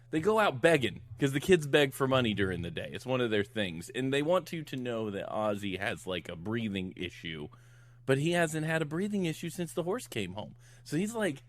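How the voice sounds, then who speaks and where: A man's voice: medium pitch, moderate pace. A man guesting on a podcast, retelling a film plot in casual chat, acting out the characters' lines and laughing often. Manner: animated storyteller who acts out the characters' lines; laughs often while talking.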